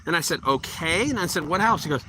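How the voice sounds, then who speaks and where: A man's voice: on the high side, animated, quick pace, sharp tone, a little hiss or hum. A middle-aged man, a junk removal business owner, telling a story in a profane, heated vlog rant.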